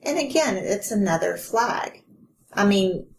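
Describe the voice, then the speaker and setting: A woman's voice: mid-range voice, animated, unhurried, slight background noise, poor audio. A woman co-hosting a podcast, chiming in with brief reactions and comments during casual chat. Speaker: podcast co-host.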